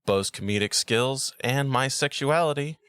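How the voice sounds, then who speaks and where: A man hosts a movie podcast in a relaxed, profane chat. He laughs a lot and fumbles names on the fly. The voice sits at a middle pitch, recorded close and dry. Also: measured pace, clean tone, no room sound. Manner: swears a lot and laughs often. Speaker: podcast host.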